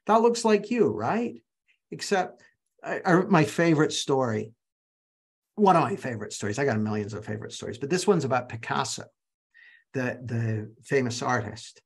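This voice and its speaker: A man's voice: medium pitch, animated, normal speed, breathy edge. A man teaching a live online masterclass, telling anecdotes and speaking directly to his audience over a video call.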